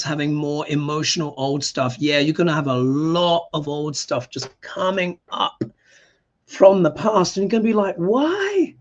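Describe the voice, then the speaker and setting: A man hosting a live astrology stream, chatting and reading viewer comments in an animated way. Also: fairly high pitch, dull audio. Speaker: astrologer and live show host.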